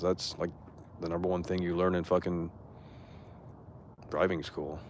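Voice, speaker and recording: A young man talks to his stream chat in a rambling, indignant rant. His voice sits a bit low, and the words come loose and profane, full of restarts. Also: fairly even intonation, normal speed, pauses often.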